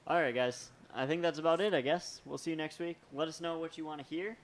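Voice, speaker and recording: A man's voice: a little high, steady tone, fast talker. A man hosting a casual live talk show, signing off in an easygoing way. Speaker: host.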